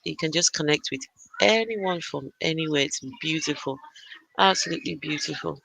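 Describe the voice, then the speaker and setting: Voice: mid-range voice, normal speed, vocal fry, sharp tone, poor audio. An adult parent hosting a casual live stream from a gaming arena computer, chatting and greeting viewers by name. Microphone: arcade computer, no camera.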